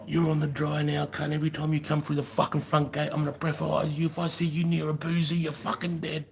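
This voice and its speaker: A man acting out a furious, bullying male army sergeant major with an Australian accent, yelling threats. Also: fairly high pitch, completely flat delivery, fast talker, pitched above the performer's own voice, natural voice.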